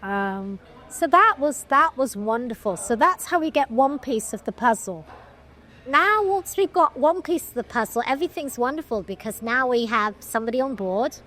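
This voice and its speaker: A middle-aged woman, a film producer telling an animated story in an interview, with frequent restarts. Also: fairly high pitch, normal speed.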